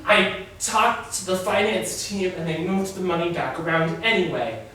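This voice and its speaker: A man's voice: high-pitched, normal speed, background noise, close to an everyday voice. A man playing a boisterous, grandiose company boss in live solo improv. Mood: outraged. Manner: blustering, grandiose showman. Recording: echoey stage from far off.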